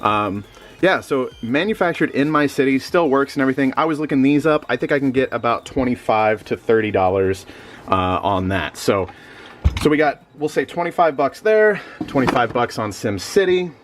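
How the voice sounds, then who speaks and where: Young male reseller vlogger, drowsy and rambling, medium pitch, light background hum. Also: moderate pace. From Missouri. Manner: rambling, filler-heavy, animated jumps in pitch. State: sleepy. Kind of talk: casual chat.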